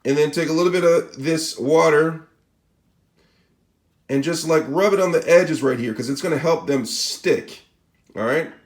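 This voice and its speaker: A man's voice: a little high, unhurried, long pauses, echoey room. A man with a Spanish accent giving a casual step-by-step cooking demonstration, often checking in with "all right?" and "okay?". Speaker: cooking channel host.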